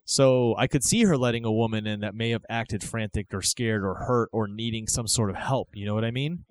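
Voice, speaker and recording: A man's voice: on the low side, fairly quick, no room sound. A man hosting a casual podcast, rambling and speculative, often asking if you follow him. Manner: rambling, speculative, keeps asking "you know what I mean". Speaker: podcast host. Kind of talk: casual chat.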